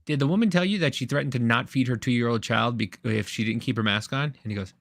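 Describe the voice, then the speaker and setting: A man with a gravelly, creaky voice, recorded dry and close with no room sound. He co-hosts a casual podcast and tells a long story in a rambling way, with many restarts. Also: mid-range voice, quick pace, no room sound. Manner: rambling, animated anecdote with restarts. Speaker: podcast co-host.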